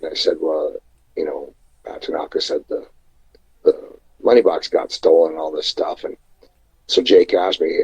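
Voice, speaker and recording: Husky deep-voiced man telling rambling stories. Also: fairly even intonation, lo-fi sound. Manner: rambling, halting anecdotes with many fillers. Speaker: wrestler guest. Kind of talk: casual storytelling interview. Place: indoors at night, remote call.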